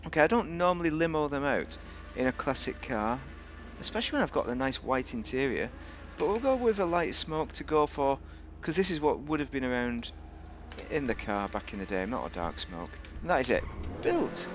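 A man's voice: medium pitch, sing-song, normal speed, soft background music. A man giving rambling, joking commentary while reviewing a video game. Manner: rambling, chatty, jokey asides. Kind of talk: casual gameplay commentary.

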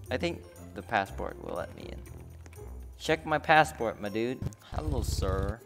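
A man's voice: medium pitch, lively intonation, measured pace, over music. A man giving casual, jokey gameplay commentary, laughing and swearing often. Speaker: gamer.

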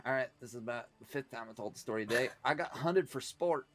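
A man's voice: medium pitch, fast talker, fairly bright tone, natural voice. A man playing a wounded frontiersman in a western role-play game, dry and weary in tone.

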